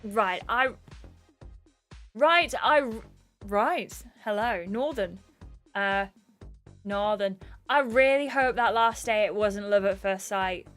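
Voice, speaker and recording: A woman's voice: medium pitch, slow pace, faint music behind. A woman live-streaming a dating game, chatting to viewers and reading the game text aloud. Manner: chatty, reacts and asks viewers questions. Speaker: gaming streamer.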